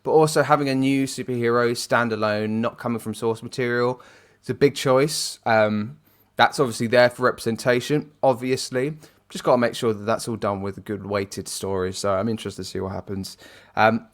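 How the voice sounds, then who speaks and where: A man's voice: mid-range voice, normal speed. A man co-hosting a podcast in casual chat, rambling and hesitant with many fillers. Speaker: podcast co-host.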